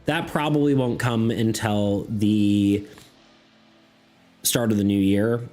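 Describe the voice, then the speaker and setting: A man's voice: lowish voice, steady tone, takes it slowly, mellow. A man streaming, chatting casually and reading chat messages aloud, full of fillers and restarts.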